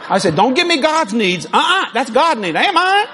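Male preacher: very high, husky voice, lively delivery, sermon. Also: moderate pace, slight background noise. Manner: animated, shouting asides, laughing.

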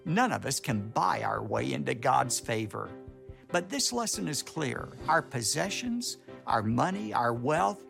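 Lively preacher in a ringing hall. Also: male voice, mid-range voice, a little slow, vocal fry, over music. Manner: animated storyteller, rhetorical questions. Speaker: pastor. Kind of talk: sermon.

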